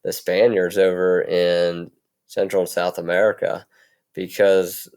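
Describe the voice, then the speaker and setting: A man's voice: low-pitched, flat delivery, measured pace, darkish tone. A man teaching a recorded history lesson in a casual way, with many fillers and restarts.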